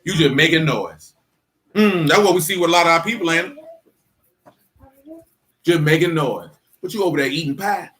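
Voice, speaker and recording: Man preaching casually, high voice, bright tone, emphatic, colloquial, drags out key phrases. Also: moderate pace, long pauses, a little hiss or hum. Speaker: teacher in a religious assembly. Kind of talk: informal sermon.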